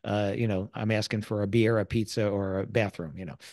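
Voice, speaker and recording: A man's voice: on the low side, moderate pace, no echo, clean studio sound. Chatty American man telling stories. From United States. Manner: animated storyteller who acts out quoted people. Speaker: guest, sales author and speaker. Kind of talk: casual interview storytelling.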